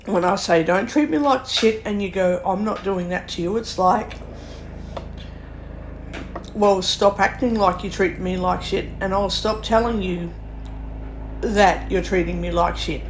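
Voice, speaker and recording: A woman vents in a long vlog rant. She talks slowly and deliberately, leaning hard on her words and acting out other people's lines in her own voice. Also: mid-range voice, a little hiss or hum. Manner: slow, emphatic venting with acted-out quotes. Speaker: vlogger. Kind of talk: ranting monologue.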